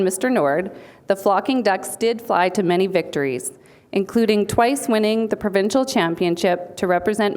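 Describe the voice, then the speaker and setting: Woman, mid-range voice, witty punning acceptance speech read from notes. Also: medium pitch. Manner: playful punning delivery. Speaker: speaker accepting an award for a team. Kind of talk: humorous prepared speech. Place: banquet hall.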